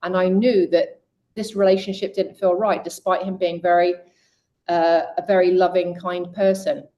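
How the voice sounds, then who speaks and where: A woman's voice: moderate pace, lo-fi sound. A middle-aged woman in an interview, telling her own story and speaking straight to women listeners. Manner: lively storyteller who voices quoted people with raised pitch; direct, addresses women listeners. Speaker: guest coach.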